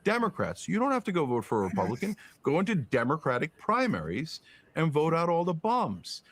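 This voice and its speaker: A man's voice: a little high, huge pitch swings, a little fast, fairly bright tone, breathy edge. A man giving heated, profane political commentary as a podcast guest, firing off rhetorical questions. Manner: emphatic, profane, rhetorical questions, mocking put-on quotes.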